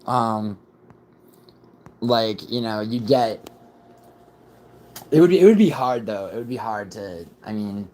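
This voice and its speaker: Sick, raspy-voiced man streaming casually. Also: fairly low pitch, takes it slowly, pauses often, a little mellow, rough recording. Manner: rambling, profane, restarts often. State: sick, rough voice. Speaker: livestream host. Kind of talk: casual livestream chat.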